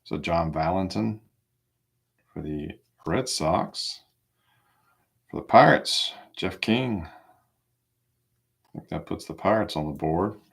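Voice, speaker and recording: Slow, gravelly low-voiced man. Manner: relaxed, reads off cards with small asides. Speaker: card break host. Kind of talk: casual live card-break commentary.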